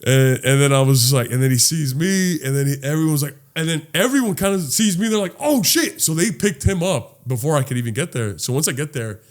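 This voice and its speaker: A man co-hosting a podcast, telling a story in casual chat, animated and laughing, swearing freely. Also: mid-range voice, brisk, few pauses. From Los Angeles. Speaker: podcast co-host.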